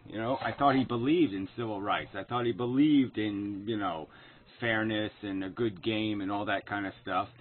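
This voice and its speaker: A video commentator with a lowish voice records an angry response video, profane and sarcastic, picking apart another man's claims. The audio is tinny and phone-like, with a little hiss or hum.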